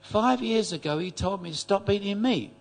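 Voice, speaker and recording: Elderly half-blind granny, a man doing the voice: soft, high, kindly. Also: expressive, normal speed. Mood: sweet, gentle. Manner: gentle, calls everyone dear. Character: sweet frail nearly blind old woman.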